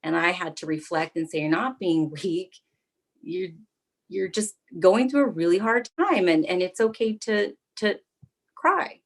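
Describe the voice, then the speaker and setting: A woman psychotherapist giving a talk with calm, reassuring advice, often restarting her sentences. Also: fairly low pitch, normal speed. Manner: gentle, reassuring explanation. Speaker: psychotherapist speaker. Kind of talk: talk to an alumni audience.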